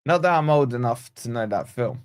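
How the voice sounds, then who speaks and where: A man from Scotland hosting a live football watch-along, animated and nervous, reading out chat messages and gifts. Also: mid-range voice, a little fast, clean tone. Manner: animated, excitable, reads chat aloud. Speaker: fan channel host.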